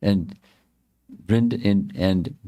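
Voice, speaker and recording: A man giving a devotional storytelling lecture as a spiritual teacher, pausing and correcting himself often. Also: deep voice, mellow. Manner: halting, frequent self-corrections and restarts.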